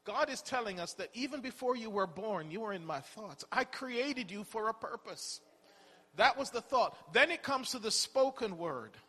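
High-voiced man preaching in a hall. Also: lively intonation, moderate pace, bright, forceful tone, breathy edge. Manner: conversational, rhetorical questions, repeats words. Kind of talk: sermon. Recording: long hall reverb.

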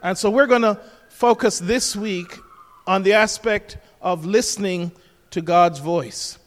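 High-voiced preacher in an echoing hall. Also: male voice, measured pace. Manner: emphatic, repeats key phrases, rhetorical questions. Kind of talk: sermon. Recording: long hall reverb.

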